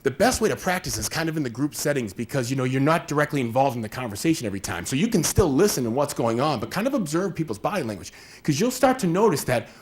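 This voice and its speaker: A man's voice: medium pitch, big pitch swings, quick pace, few pauses. A man giving a conversational workshop presentation, acting out little scenes with quoted voices as he explains. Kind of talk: live workshop talk.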